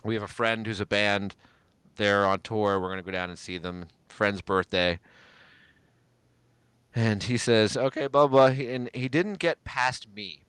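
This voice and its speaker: A man with a lowish voice recounts a story in an easygoing, conversational way. He drops into brief voices when he quotes others, and the sound is dry and close to the mic. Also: measured pace, pauses often, fairly bright tone, clean tone, dry recording. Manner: laid-back, quoting others in little voices. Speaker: podcast guest. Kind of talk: casual storytelling.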